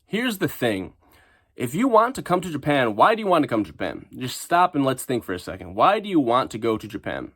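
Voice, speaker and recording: A man's voice: mid-range voice, sing-song, quick pace, few pauses, a bit bright. A man with a nasal, stuffed-up voice from a sinus infection, ranting casually to camera in slangy vlog style. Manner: casual slangy rant, mocking quoted voices. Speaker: vlogger. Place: living in Japan.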